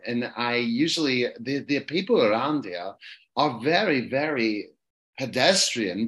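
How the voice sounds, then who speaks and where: A man's voice: medium pitch, a bit bright. Man playing a pompous British duke. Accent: British put-on. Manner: pompous, condescending.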